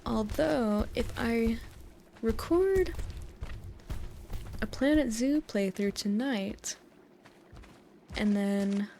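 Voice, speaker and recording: Soft-spoken young American woman rambling. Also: on the high side, drawn-out words, vocal fry, pauses often, slight background noise. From United States. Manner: chatty, meandering storytelling with frequent laughs. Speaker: gaming channel host. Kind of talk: soft-spoken rambling over relaxing gameplay.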